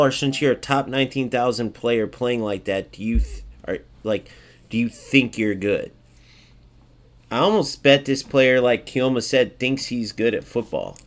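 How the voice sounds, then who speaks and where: A man's voice: medium pitch, unhurried. A man hosting a gaming video, giving casual gameplay commentary in a blunt, sarcastic way and talking straight to his viewers.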